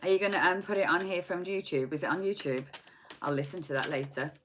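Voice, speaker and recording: Her lowish, somewhat bright voice moves quickly, with a little hiss or hum in the recording. She's in her forties, giving a casual live tarot reading from her home desk into a laptop or phone mic, chatty and all over the place, laughing and making fun of herself.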